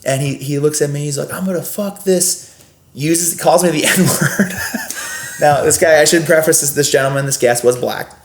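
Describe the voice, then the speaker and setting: A young man, a podcast guest, telling stories in a casual, animated, rambling way with lots of fillers. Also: a little high, normal speed. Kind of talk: casual storytelling. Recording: roomy echo.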